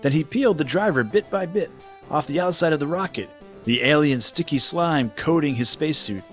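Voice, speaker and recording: Lively male storyteller. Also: on the high side, fairly quick, soft background music. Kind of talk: scripted children's story narration.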